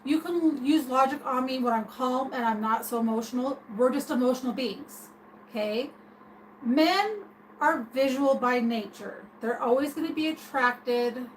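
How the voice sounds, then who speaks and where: A woman's voice: sits high, measured pace, a little hiss or hum, poor audio. A woman streaming a casual opinion rant, rambling and hesitant with many restarts. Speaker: streamer talking to viewers.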